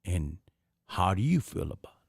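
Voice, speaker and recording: A man hosts a casual live stream in a lively, swooping voice. He talks in street slang and presses with one rhetorical question after another. The sound is close and dry. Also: low voice, moderate pace, creaky, breathy edge, no echo.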